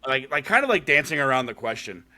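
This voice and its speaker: A man's voice: mid-range voice, big pitch swings, quick pace, sharp tone. A man hosting a podcast, casually recapping a horror short film, swearing freely and using lots of fillers. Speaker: podcast host. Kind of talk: casual chat.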